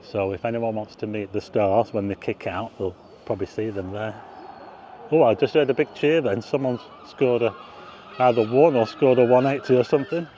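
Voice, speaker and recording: A man's voice: medium pitch, steady tone, normal speed, dark tone, slight background noise. A middle-aged man giving a chatty, meandering walking-tour commentary on town streets, with asides to the viewer. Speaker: vlogger. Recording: slightly dull outdoor street recording.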